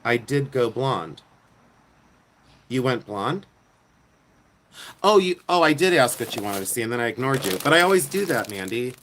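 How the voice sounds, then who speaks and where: With a sing-song lilt and long pauses, a middle-aged American jewelry reseller banters with his livestream audience at night outside, poking fun at himself. His voice is mid-range and a bit bright, the pace moderate, and faint background noise can be heard.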